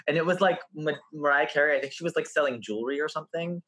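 Bright-voiced rambling man. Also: fairly high pitch, fast. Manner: rambling, full of "like" fillers. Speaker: podcast co-host. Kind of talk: casual chat.

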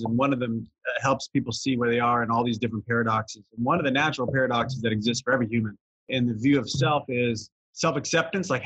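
A man's voice: medium pitch, fairly bright tone, slightly rough, dry recording, highs cut off. Reflective man with a Southern drawl. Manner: reflective, explains ideas step by step. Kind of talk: explanatory conversation.

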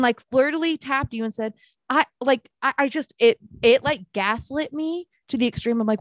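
A woman's voice: sits high, moderate pace, dry recording. A woman co-hosting a podcast, telling a dating story in casual chat and swearing freely. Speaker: podcast co-host.

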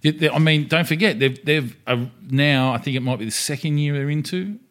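A man's voice: on the high side, a little fast, fairly bright tone. A man co-hosting a podcast, chatting casually in a rambling, jokey way. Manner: rambling, jokey, trails off and restarts. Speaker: podcast co-host. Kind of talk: casual chat.

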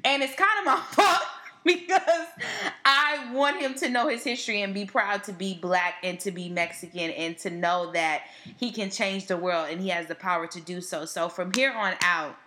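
Speaking at a normal speed in a lowish voice, a young woman co-hosts a podcast. She spins animated stories in a casual, slangy, joking style during easygoing conversation.

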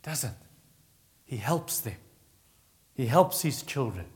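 A man's voice: very animated, big-room sound. A man preaching a sermon, retelling Bible stories and acting out the characters' pleas, with frequent restarts. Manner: acts out Bible voices in a raised pitch, quiet and slow on comfort; halting restarts while teaching.

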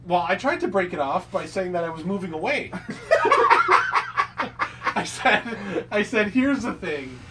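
A man telling a story in casual chat, animated, laughing and swearing as he acts out quotes. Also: high-pitched, measured pace, pauses often, heavy background noise. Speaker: podcast co-host telling a story.

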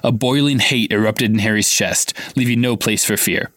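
A man's voice: fairly low pitch, moderate pace, fairly bright tone, no room sound, studio quality. A man co-hosting a podcast, reading a novel aloud live and acting out the dialogue with a raised voice.

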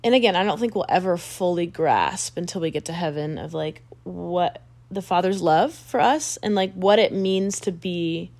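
A woman's voice: lowish voice, animated, normal speed, hardly any pauses, a little mellow. A woman host in a casual, reflective faith conversation with a guest. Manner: chatty, reflective. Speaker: podcast host.

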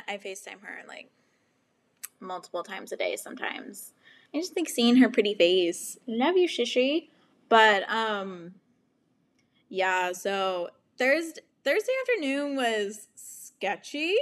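A young woman in her twenties hosts a casual solo podcast, talking candidly about her week. She speaks at an unhurried, drawn-out pace in a mid-range voice, laughing often and swearing without a second thought. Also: medium pitch, fairly bright tone. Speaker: podcast host.

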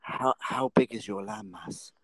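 A man's voice: fairly low pitch, steady tone, unhurried, a bit bright, no echo. A young man from England chatting casually, playful and teasing, laughing often. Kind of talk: casual chat.

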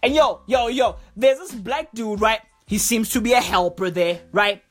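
A woman doing a comic rant, animated and profane, full of slang. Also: on the high side, normal speed, faint music behind. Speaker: comedy vlogger.

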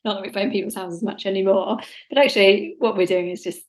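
A woman co-host speaking with a Norfolk accent, at a middle pitch for a woman. She chats casually and easily, dropping in lively quoted remarks as she tells stories. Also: quick pace. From England. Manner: chatty, self-deprecating, with lively quoted asides. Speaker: podcast co-host. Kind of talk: casual chat.

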